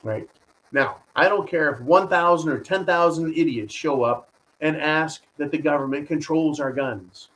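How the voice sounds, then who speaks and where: A man's voice: a little high, moderate pace, fairly bright tone, low-quality recording. A man hosting a live stream, giving combative political commentary and reading viewer donations, often turning to his audience with "folks" and "right?". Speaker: host of a live stream show.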